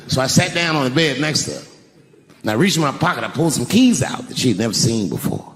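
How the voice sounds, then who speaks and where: Animated stand-up comedian man. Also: mid-range voice, a little fast. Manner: animated, shouting the punchlines. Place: large live venue. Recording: echoey live hall, audience laughter.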